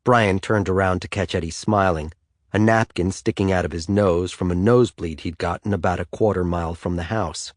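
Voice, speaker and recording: A man narrating an audiobook in the third person with an expressive delivery. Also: deep voice, moderate pace, no echo, clean studio sound.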